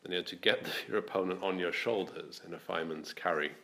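A man with a very deep, gravelly voice chatting casually on a podcast. He tells self-deprecating stories in a relaxed, swearing-now-and-then way. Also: brisk. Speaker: podcast co-host. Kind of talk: casual chat.

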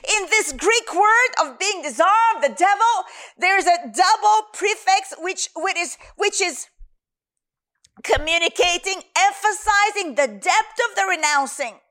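A woman with a very high voice preaches a Bible teaching with slow, deliberate pacing. Her pitch swings widely as she stresses words and repeats short phrases for emphasis. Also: expressive, a bit bright. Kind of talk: sermon teaching.

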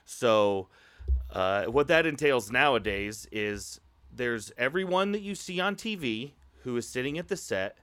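Casual male storyteller from Iowa, animated, profane, pitch spikes when reliving the panic. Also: unhurried, clean tone. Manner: animated, swears, voice jumps high when retelling his outburst. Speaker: improv show performer telling a story.

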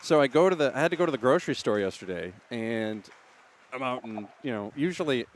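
A man's voice: lively intonation, fairly quick. A man hosting a sports radio show, rambling through stories with lots of laughter. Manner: rambling storyteller, laughs a lot, squeaky impressions. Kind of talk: casual sports radio banter.

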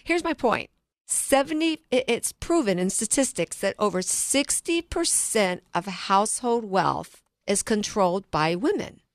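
A woman's voice: medium pitch, expressive, unhurried, dry recording, studio quality. A middle-aged woman, a financial planner hosting a radio talk show, telling stories earnestly and restarting her sentences.

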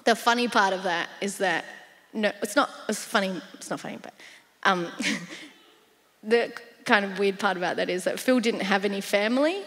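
Animated woman telling a story in a reverberant hall. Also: mid-range voice, normal speed. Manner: animated storytelling, laughs often. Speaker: church member sharing testimony. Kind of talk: casual testimony interview. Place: church hall. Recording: long hall reverb in church.

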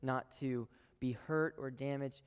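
A man preaching a sermon to a congregation he calls "guys", swinging between emphatic, loud lines and hushed whispers. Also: medium pitch, fairly even intonation, measured pace, clean tone. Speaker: pastor. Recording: long hall reverb.

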